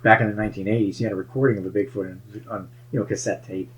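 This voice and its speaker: A man's voice: fairly low pitch, fairly even intonation, racing, rough recording. A man musing about hidden bases and strange sightings in a wandering, conspiratorial way. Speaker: paranormal investigator, show regular. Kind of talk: casual chat.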